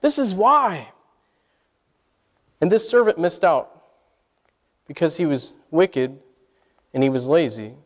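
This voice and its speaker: A male pastor with a fairly high, sing-song voice preaches slowly, leaving long pauses, and asks the congregation questions so they answer back in call-and-response. The church sanctuary adds a long hall reverb.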